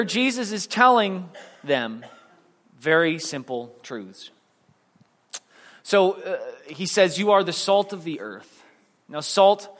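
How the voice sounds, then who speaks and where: A man's voice: a little high, a bit bright, in a large hall. A male preacher giving a sermon in a casual, rambling way, with restarts and self-deprecating jokes.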